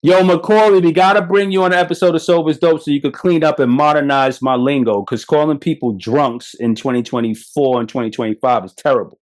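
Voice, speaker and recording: A middle-aged man with a New York accent, hosting a podcast and telling blunt, profane, animated stories of his own recovery. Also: a little high, fairly quick, hardly any pauses. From Brooklyn, New York. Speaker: podcast host. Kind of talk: candid motivational talk.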